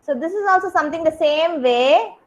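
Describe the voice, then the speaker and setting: A woman teaching a kindergarten class online, talking in an animated, sing-song way for small children over a video call. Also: very high voice, brisk. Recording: dull lo-fi video call audio.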